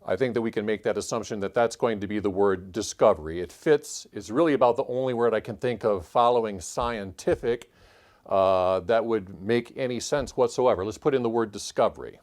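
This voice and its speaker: A man hosting a puzzle channel, thinking aloud as he calls out letters and clue numbers in a measured solve-along walkthrough. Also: fairly low pitch, a little mellow. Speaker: puzzle-solving channel host.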